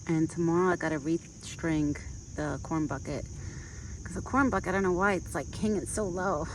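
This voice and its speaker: Feeding a deer outdoors in a rural yard, a vlogger alternates soft, sing-song baby talk to the animal with relaxed, chatty remarks to the viewer, mixing casual narration with animal talk. The voice is medium-pitched at normal speed, with a little hiss or hum, crickets, and faint outdoor ambience.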